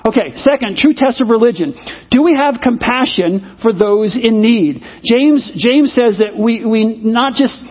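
A man preaches in a high, slightly husky voice, telling stories with animation and slipping into the voices of the people he quotes. The recording sounds dull and muffled. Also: a little slow. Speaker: pastor. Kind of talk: sermon with personal stories.

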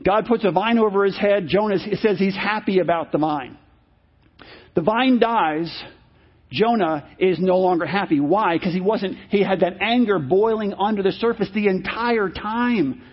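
A man's voice: high voice, moderate pace. A male pastor preaching a sermon, emphatic and repeating his key phrases. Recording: dull lo-fi sermon recording.

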